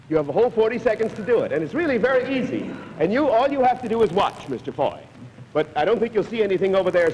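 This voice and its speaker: A man with a notably high voice hosts a live television game show. He keeps up a brisk, chatty patter, urging players on, with a faint hiss under the sound. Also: big-room sound, rough recording. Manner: brisk, chatty, coaxing contestants along.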